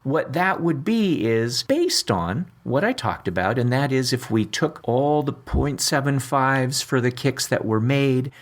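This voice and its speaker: A man's voice: medium pitch, expressive, a little slow, few pauses. A man co-hosting a casual teaching chat, explaining patiently step by step with informal asides. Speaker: co-host.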